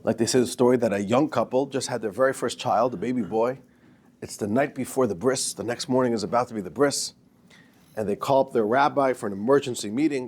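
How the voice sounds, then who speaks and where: A man's voice: mid-range voice, a little fast, darkish tone, breathy edge. A man teaching a class as a rabbi, telling jokes and addressing the listeners as dear friends. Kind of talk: lecture with jokes.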